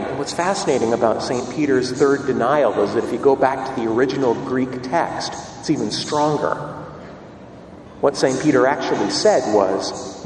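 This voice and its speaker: A man's voice: medium pitch, lively intonation, moderate pace, slight background noise. A man preaching a sermon, telling the story dramatically and asking rhetorical questions. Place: church. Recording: echoey hall, distant mic, faint ambience.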